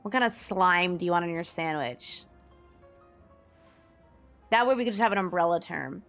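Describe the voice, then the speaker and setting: A woman's voice: lowish voice, expressive, normal speed, a bit bright, soft background music. Chatty young woman streamer musing aloud. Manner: chatty and musing, reads search results aloud with frequent laughs. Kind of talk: casual chat on a live stream.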